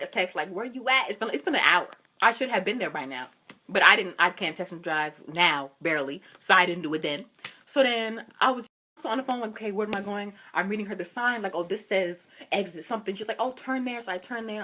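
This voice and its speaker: Animated young woman telling a story. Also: slight background noise. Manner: animated, acts out quotes with big pitch jumps and laughs. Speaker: vlogger. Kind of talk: casual storytelling.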